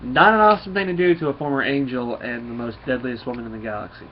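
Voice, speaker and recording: A man's voice: medium pitch, fast, dull audio, a little hiss or hum. A man giving a casual comic book recap, rambling and full of fillers.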